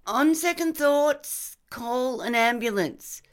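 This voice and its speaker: A flustered young kindergarten worker, as a woman puts her on, her voice jumping up high and anxious. She blurts things out in a storybook reading. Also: expressive, unhurried, darkish tone. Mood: alarmed.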